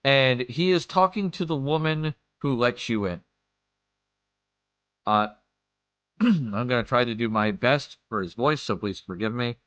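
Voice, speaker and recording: A man's voice: medium pitch, expressive, measured pace, pauses often, a bit bright, dry recording, highs cut off. A man narrating as game master in a casual way, muttering to himself while he searches his files.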